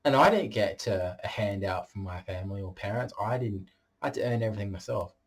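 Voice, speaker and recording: A man's voice: lowish voice, a little fast, husky. Boastful, blunt man. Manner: boastful, blunt, swears freely. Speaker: vlogger. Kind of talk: direct-to-camera monologue.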